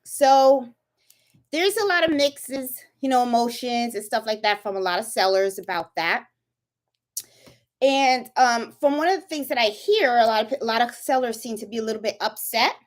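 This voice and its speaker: Woman, fairly high voice, casual livestream host, chatty, filler-heavy, at home. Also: moderate pace. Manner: chatty, lots of fillers and check-ins. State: a little out of breath. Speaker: channel host. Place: indoors at home, chilly room.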